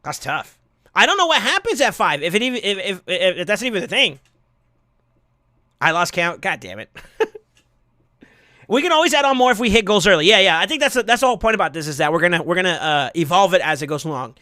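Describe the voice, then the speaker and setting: A man streaming live, casually chatting and thanking viewers, excitable with sudden yells, his voice going hoarse from yelling. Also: sits high, quick pace, no room sound, clean studio sound.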